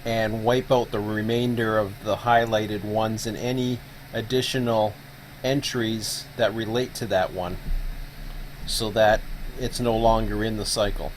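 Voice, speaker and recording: A man's voice: fairly low pitch, flat delivery, measured pace, slight background noise, poor audio. A man hosting a live stream who explains a setup casually, thinking aloud with plenty of fillers. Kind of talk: casual screen-share explanation.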